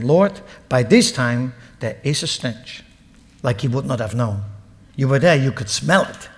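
A man preaching a sermon, reading scripture aloud and explaining it, rising to loud emphatic peaks and dropping to low asides. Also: long reverb tail.

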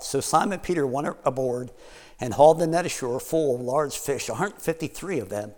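A man preaching a sermon in a relaxed, conversational way, retelling scripture stories with lots of fillers. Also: a little high, big-room sound. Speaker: pastor.

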